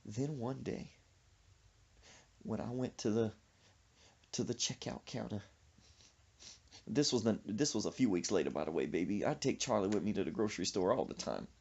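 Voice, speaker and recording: A male comedian telling a story on a podcast, animated and exaggerated, throwing in sound effects. His pitch swings up and down widely. The recording is dull and lo-fi. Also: moderate pace, gravelly, long pauses, husky.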